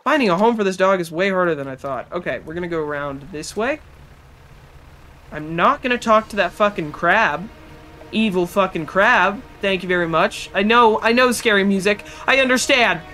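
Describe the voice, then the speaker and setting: Bright high-voiced male streamer. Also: moderate pace. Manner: chatty, talks to game characters and chat. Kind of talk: live gameplay commentary.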